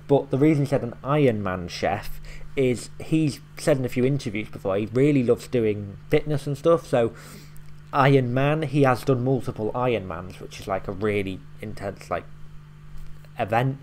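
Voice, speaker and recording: A man's voice: mid-range voice, a little mellow, a little hiss or hum. A man hosting a reaction video, casually explaining each line with loose fillers and the odd swear. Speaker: YouTube reaction host.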